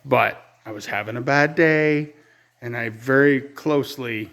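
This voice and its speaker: Out on his rural homestead, an Ontario man vlogs casually, telling a rambling, exasperated story. His mid-range voice is a bit bright and creaky, and he speaks a little slowly.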